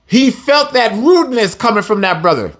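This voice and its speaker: In a high voice at normal speed, a man teaches scripture informally. He reads a verse, then paraphrases it in slang, keeping things animated and breaking into laughter often.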